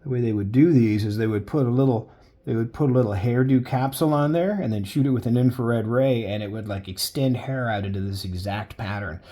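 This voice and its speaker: A man's voice: mid-range voice, fairly quick, dark tone. A man chatting casually while he sketches live, rambling into jokey stories as he goes. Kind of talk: casual commentary while drawing.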